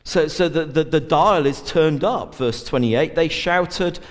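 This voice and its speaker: A man's voice: a little high, unhurried. A man preaching a sermon in an earnest way, with many fillers and restarts. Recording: long church reverb.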